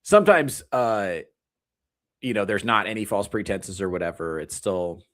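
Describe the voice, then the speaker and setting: Male comedian, thirties, low register; loose profane streaming rant, rambling with animated mock quotes. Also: normal speed. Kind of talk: casual rant to a live chat.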